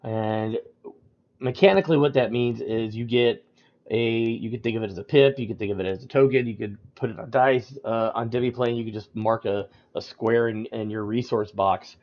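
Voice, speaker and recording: On a livestream, a man explains tabletop game rules as a storyteller, in a casual, rambling manner with lots of ums and restarts. His mid-range voice has fairly even intonation and a moderate pace, and the audio sounds dull.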